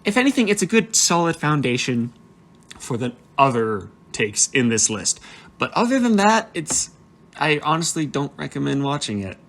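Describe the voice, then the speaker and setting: A man's voice: medium pitch, animated, normal speed, fairly bright tone. A young man chatting casually as a vlogger, rambling and restarting, with apologetic asides. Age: young adult. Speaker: vlogger ranking movies. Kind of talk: casual chat.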